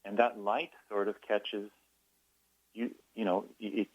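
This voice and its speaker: A man's voice: fairly low pitch, level tone, measured pace, no echo, lo-fi sound. A man, a guest author on a radio show, talking earnestly and thoughtfully, often restarting his phrases. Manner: earnest, reflective, with many restarts. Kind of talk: radio interview.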